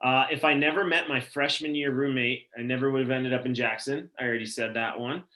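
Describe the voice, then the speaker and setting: An upbeat man in his forties hosts a live-streamed storytelling night in a casual, easygoing way. His voice is mid-pitched and bright. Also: fairly even intonation, a little fast. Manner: upbeat, casual, reading out audience comments. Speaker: event host.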